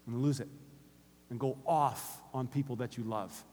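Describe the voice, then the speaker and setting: A middle-aged male pastor preaching a sermon in a church, moving between hushed conversational asides and loud urgent exhortation. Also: mid-range voice, steady tone, normal speed, husky. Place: church sanctuary. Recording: long hall reverb.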